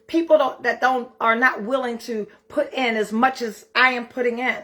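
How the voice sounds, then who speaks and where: Blunt, higher-voiced woman giving a pep talk. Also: fairly even intonation, moderate pace, fairly bright tone. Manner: blunt, emphatic, swears freely. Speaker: self-care challenge host. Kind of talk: casual motivational talk to followers.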